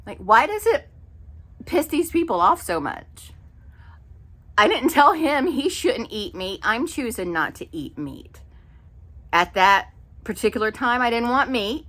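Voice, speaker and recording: A middle-aged woman telling a story in an exasperated, animated casual rant with many fillers. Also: on the high side, a little slow, long pauses. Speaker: vlogger. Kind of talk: casual ranting monologue.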